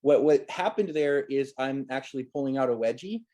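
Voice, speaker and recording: An amused former child actor in his thirties rambles through memories of his young acting days, restarting often, as a guest in a casual storytelling interview. His mid-range voice is animated, fairly quick and dark.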